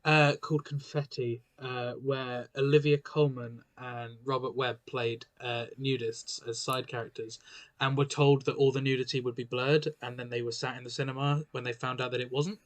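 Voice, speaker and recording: A man's voice: mid-range voice, flat delivery, moderate pace. A man as a podcast guest in casual chat, thoughtful and hesitant, often restarting.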